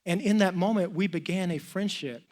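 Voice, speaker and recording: A middle-aged man preaching from a church stage, telling a personal story in a lively, chatty way and acting out the dialogue. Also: sits high, moderate pace. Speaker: pastor. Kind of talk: storytelling sermon.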